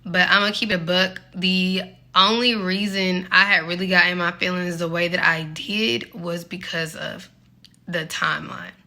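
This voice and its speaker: Bright-voiced young woman, slightly breathless. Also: fairly low pitch, fairly even intonation, moderate pace. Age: 20s. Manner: candid, earnest, encouraging, many "like" fillers. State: a little out of breath. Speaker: faith vlogger. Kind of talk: casual faith talk to viewers.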